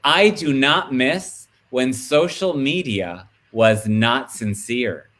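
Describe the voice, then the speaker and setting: A man talking as a guest in a casual video-call chat, animated and rambling in his storytelling. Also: mid-range voice, takes it slowly.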